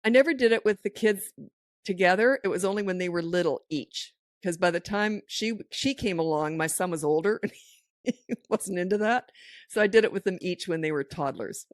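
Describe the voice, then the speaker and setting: A woman's voice: on the low side, brisk, no echo, studio quality. A middle-aged woman hosting a parenting podcast, giving advice in a casual, goofy way and laughing often. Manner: goofy, laughs often, acts out voices in stories.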